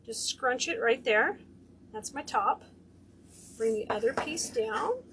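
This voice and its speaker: Woman, high voice, crafting host, gushy and chatty, faint hum behind. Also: expressive, slow, fairly bright tone. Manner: chatty, gushing over her work. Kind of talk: hands-on craft demonstration.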